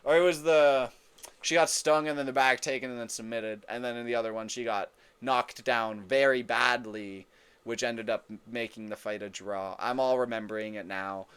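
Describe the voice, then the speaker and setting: A man hosting a casual fight breakdown, talking in an excitable, profane way and often repeating and correcting himself. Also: medium pitch, moderate pace, smooth. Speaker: MMA fight predictions host.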